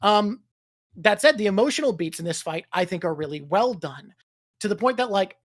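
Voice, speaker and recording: Casting: excitable woman co-host, casual and profane. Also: medium pitch, moderate pace. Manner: enthusiastic, swears freely. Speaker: podcast co-host. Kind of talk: casual chat.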